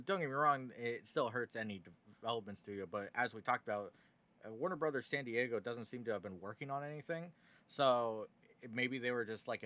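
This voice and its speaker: Man, bright tone, sarcastic, opinionated, casual gaming news chat. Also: medium pitch. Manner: sarcastic, opinionated, many fillers.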